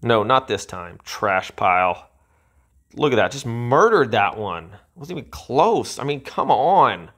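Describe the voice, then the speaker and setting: A man ranting through his own gameplay, sighing and hurling drawn-out insults at the game. His pitch leaps high when he is outraged and sinks low when he grumbles, and he talks slowly. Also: very animated, a bit bright. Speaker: gaming channel host. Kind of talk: frustrated gameplay commentary.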